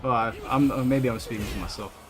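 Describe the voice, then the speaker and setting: A man's voice: mid-range voice, fast. A British man hosting an online gaming tournament stream, chatting casually and reading out viewer comments before answering them. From United Kingdom. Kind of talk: casual live-stream chat. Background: music.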